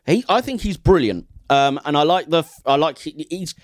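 Lively man reviewing a film. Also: fairly high pitch, normal speed, dry recording, studio quality. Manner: enthusiastic, laughs often. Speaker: podcast co-host. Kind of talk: casual film review chat.

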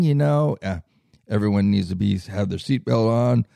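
A man's voice: mid-range voice, big pitch swings, a little slow, creaky, warm tone, no echo. A man telling a long personal travel story in casual chat, rambling with many fillers and tag questions. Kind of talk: casual anecdote.

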